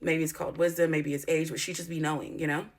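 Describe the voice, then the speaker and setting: A woman's voice: low-pitched, little pitch movement, quick pace. A woman telling a personal story in a candid vlog, blunt and profane, rambling with filler words and breaking into indignant outbursts. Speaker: YouTuber.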